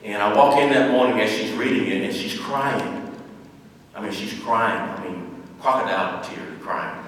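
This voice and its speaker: A man's voice: lowish voice, normal speed, fairly bright tone, slight background noise. A man in his fifties giving an earnest storytelling speech as a former police chief, repeating phrases for emphasis. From Dallas, Texas. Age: 50s. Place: large hall, speaking to an audience. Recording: echoey hall from far off.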